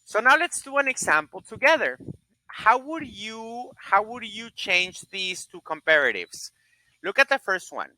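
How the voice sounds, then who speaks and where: A teacher records a grammar lesson, saying each word and its comparative slowly and with a lot of lift and fall in the pitch. The tone is bright and clear. The sound is close and dry, with no room around it. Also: very animated, no room sound. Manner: drills word pairs, asks questions and answers them.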